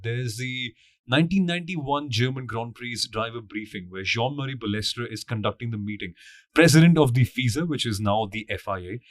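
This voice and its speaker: A man's voice: medium pitch, no echo, clean studio sound. A man co-hosting a podcast, playful and teasing, talking straight to the listeners. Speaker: podcast co-host. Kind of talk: casual podcast chat.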